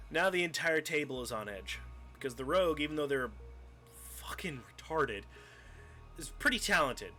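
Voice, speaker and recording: A young man streaming live, casually telling a tabletop game story, animated and profane, acting out scenes as he goes. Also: on the high side, normal speed, pauses often. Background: faint music.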